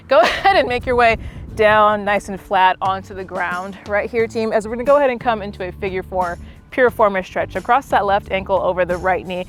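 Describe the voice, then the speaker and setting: A woman's voice: medium pitch, brisk. A young adult woman leading a workout, chatting casually and telling a travel story between exercise cues. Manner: chatty, animated, addresses viewers as team. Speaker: fitness instructor. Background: faint music.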